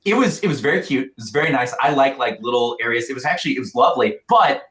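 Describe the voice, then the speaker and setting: Animated comic man in a roomy room. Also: medium pitch, fast talker. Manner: animated, self-deprecating, laughs often. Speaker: podcast co-host and comedian. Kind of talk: casual chat. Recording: roomy echo.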